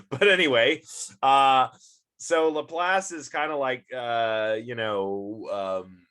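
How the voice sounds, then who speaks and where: A man with a somewhat low voice talks through a philosophy lecture. His delivery is loose and conversational, full of ums, uhs and false starts as he thinks aloud. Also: fairly bright tone. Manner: casual, rambling, many fillers and restarts. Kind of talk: recorded online lecture.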